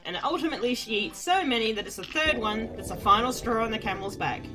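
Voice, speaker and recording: A woman's voice: fairly high pitch, lively intonation, fast talker, over music. A woman giving wry, rambling casual commentary while playing an adventure game. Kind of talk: casual let's-play commentary.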